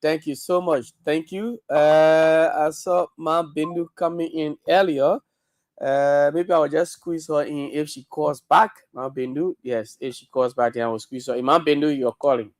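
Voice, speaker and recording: A man's voice: a little high, steady tone, a little slow, a little mellow, dry recording. A male radio host with a Liberian English accent, taking calls on a morning call-in show and then signing off.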